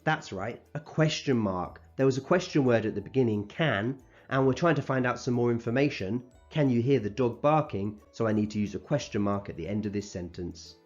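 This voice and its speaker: A man teaching a recorded phonics lesson to young children, sounding out letters slowly and clearly and praising them as they go. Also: mid-range voice, a little mellow, highs cut off, faint music behind. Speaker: primary school teacher.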